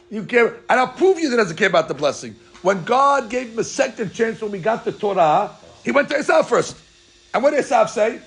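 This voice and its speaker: A rabbi teaching a Torah class in a high, gravelly voice. He is animated and joking, and breaks into little acted-out exchanges as he explains the text. He sounds lively and engaged throughout. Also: normal speed. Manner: animated, joking, acting out dialogue.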